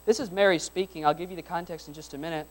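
A man with a fairly high voice preaches a sermon to his church congregation. His delivery swings from hushed asides to loud, driving repetitions that climb in force. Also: steady tone, racing, poor audio. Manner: builds repeated lines into loud emphatic peaks; drops to soft, quiet asides between peaks. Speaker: pastor. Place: church service before a congregation.

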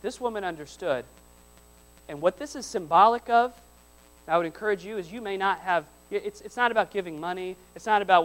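A man with a fairly high voice preaches a sermon to his church congregation. His delivery swings from hushed asides to loud, driving repetitions that climb in force. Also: a little fast, soft background music, poor audio. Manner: builds repeated lines into loud emphatic peaks; drops to soft, quiet asides between peaks. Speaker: pastor. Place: church service before a congregation.

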